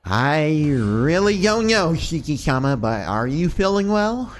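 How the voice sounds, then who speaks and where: A man voicing a polite, soft-spoken young female maid, reading her lines formally while playing a visual novel. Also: on the high side, big pitch swings, a little slow, voice pushed up. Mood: concerned.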